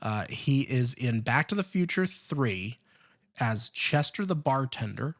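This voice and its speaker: A man's voice: medium pitch, unhurried. Laid-back male co-host with movie trivia. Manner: relaxed, supportive, cites cast trivia. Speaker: podcast co-host. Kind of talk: casual film review chat.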